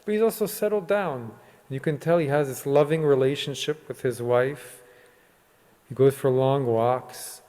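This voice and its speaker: A male rabbi giving a sermon in a synagogue sanctuary, retelling a story and voicing its dialogue. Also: medium pitch. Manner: retells a story with quoted dialogue, lively and unhurried. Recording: long hall reverb.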